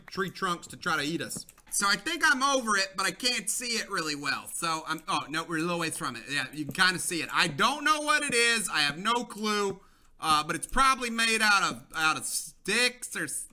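A young gaming channel host delivers excitable let's-play commentary to his viewers, repeating himself and yelling when things go wrong. His voice sits high.

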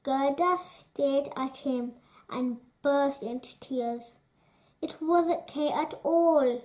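High, very slow storybook reader. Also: female voice, a little mellow. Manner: slow and deliberate. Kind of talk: children's story read aloud.

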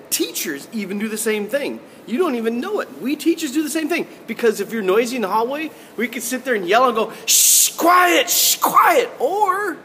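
A man giving morning announcements to primary school pupils, playful and animated, acting out examples. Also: extremely high pitch, big-room sound, a little hiss or hum.

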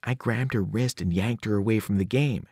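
A man, a teacher, reading a novel aloud with expressive storytelling. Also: normal speed, no echo, clean studio sound. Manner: expressive storytelling, varied pitch. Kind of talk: audiobook read-aloud.

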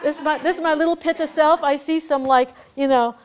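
Teacher, female, chatty and quick to laugh, fairly high voice, classroom feel. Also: fairly even intonation. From Boston, USA. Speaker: herbalism teacher. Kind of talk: casual classroom lecture.

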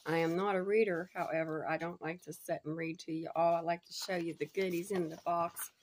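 A bubbly woman with a light twang, chatting away as she unboxes a gift and gushes over every item. Her voice sits on the low side with a gravelly fry running through it. She talks casually and laughs easily. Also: fairly even intonation, a little fast, slight background noise. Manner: bubbly and gushing, laughs often. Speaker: unboxing vlogger.

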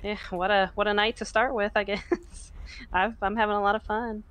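A woman chatting casually in character during a roleplay game, giggly and quick to exclaim. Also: medium pitch, fairly even intonation, a bit bright. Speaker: roleplay player. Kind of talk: casual in-character chat while driving.

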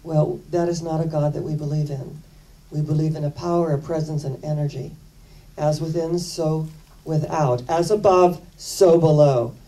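A woman's voice: low voice, little pitch movement, moderate pace, dark tone, far from the mic, low-quality recording. An older woman minister giving a sermon, telling personal stories in an earnest, conversational way and repeating phrases for emphasis.

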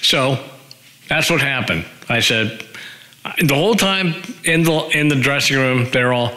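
A man's voice: medium pitch, a little slow, pushed and bright, low-quality recording. A man in his sixties, a former rock band singer, tells a rambling anecdote with wry humor and acts out other people's lines in raised voices. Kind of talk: casual anecdotal storytelling.

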